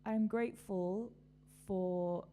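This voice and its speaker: A woman's voice: mid-range voice, fairly even intonation, slow, mellow, a little hiss or hum. A woman hosting a casual live-stream chat, talking in a rambling, chatty way with lots of fillers. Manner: rambling, chatty, many fillers and little laughs. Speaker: host.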